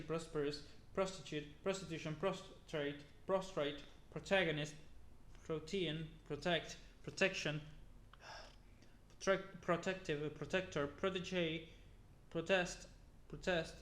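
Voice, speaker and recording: A man slowly reading a long list of words aloud one by one, with now and then an exasperated aside. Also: a little high, echoey room. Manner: slow, flat word-by-word reading with exasperated asides. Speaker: youtuber.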